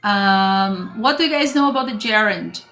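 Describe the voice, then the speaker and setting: A woman's voice: medium pitch, lively intonation, normal speed, fairly bright tone, faint music behind. A woman teaching an English grammar lesson on a livestream, chatting with viewers and greeting them by name.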